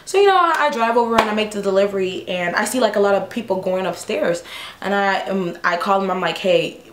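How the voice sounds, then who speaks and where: A woman in her twenties telling a storytime vlog, animated, exasperated and slangy, in an echoey room. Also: mid-range voice, fast, noisy background. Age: 20s. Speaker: vlogger.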